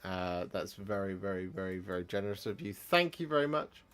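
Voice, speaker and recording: Chatty low-voiced man with Midlands accent. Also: lively intonation, brisk, clear, resonant tone. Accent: English Midlands. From English Midlands. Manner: chatty and rambling, warmly thanking viewers. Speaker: live-stream host. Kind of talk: casual live-stream chat.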